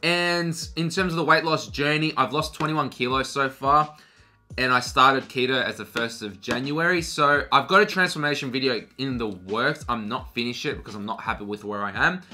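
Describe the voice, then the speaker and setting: Very bright-voiced young guy vlogging. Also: mid-range voice, normal speed, soft background music. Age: young adult. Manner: loose and chatty, swears freely, says "dude" and "bro"; talks while eating cereal. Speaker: fashion vlogger. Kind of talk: casual Q&A vlog. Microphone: camera mic.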